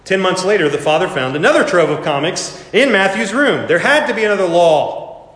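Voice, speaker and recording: A man preaching a sermon, telling a story with dramatic swells and slipping into character voices. His voice sits a little high for a man. It rings out through a large, echoing hall with a long reverb tail. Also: animated, fairly quick. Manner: dramatic storytelling, voicing characters with sudden loud rises. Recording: echoey hall, reverberant room.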